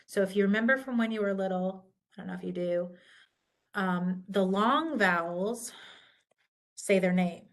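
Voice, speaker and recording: A woman instructor giving a recorded lecture, patiently walking through pronunciation rules. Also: mid-range voice. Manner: patient, slow and deliberate, contrasting correct and wrong pronunciations.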